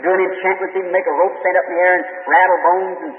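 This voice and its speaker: A man's voice: high voice, level tone, racing. A man preaching an impassioned revival healing sermon, asking the crowd rhetorical questions. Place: large meeting hall. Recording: tinny old hall recording with radio noise.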